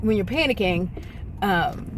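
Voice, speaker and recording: A woman's voice: medium pitch, animated, unhurried, background noise. A woman telling a casual storytime to her viewers, rambling and correcting herself as she goes. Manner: rambling, self-correcting, talks to viewers directly. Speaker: vlogger.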